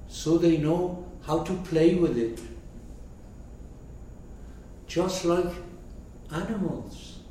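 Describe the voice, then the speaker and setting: A man's voice: on the high side, very slow, pauses often, dark tone, a little hiss or hum. Echoey man explaining a story. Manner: rhetorical questions, checking in with listeners. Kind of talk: lecture commentary. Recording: echoey room, mic far off.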